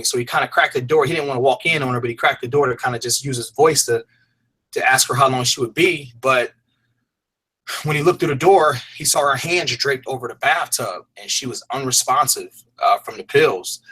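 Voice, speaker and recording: Male interview guest, middle pitch, bright edge, earnest storyteller with casual slang. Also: husky, poor audio. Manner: earnest, rambling, frequent fillers and restarts. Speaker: fitness program creator, interview guest. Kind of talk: telling a personal story in a live interview.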